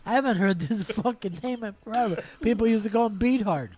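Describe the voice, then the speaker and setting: A man's voice: sits high, fairly quick, a crowd in the background. A man co-hosting a casual sports podcast, teasing his friends with a lot of swearing. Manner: profane, teasing. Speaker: podcast co-host.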